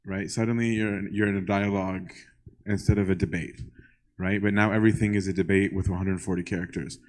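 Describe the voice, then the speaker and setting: A man's voice: low-pitched, little pitch movement, fairly quick, poor audio. A young male priest answering questions in a casual, conversational way, often checking in with "right?" and acting out little exchanges. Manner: conversational, keeps asking "right?" and acts out little dialogues. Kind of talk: casual Q&A talk to a congregation.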